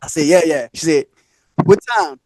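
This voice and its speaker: A fairly high-pitched man speaks at a moderate pace, hosting a podcast in studio quality with no echo. Chatting casually, he tells a long story, acting out quoted voices with animation and frequent laughter.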